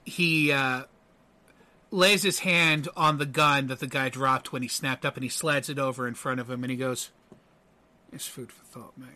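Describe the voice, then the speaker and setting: A man narrating a tabletop game as game master, halting and full of fillers. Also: mid-range voice, steady tone, bright, forceful tone.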